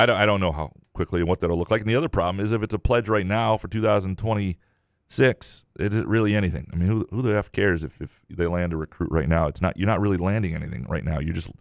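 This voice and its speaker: A man's voice: low-pitched, no echo, studio quality. A man co-hosting a sports podcast, talking casually and rambling with many restarts. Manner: rambling, lots of restarts and fillers. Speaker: podcast co-host.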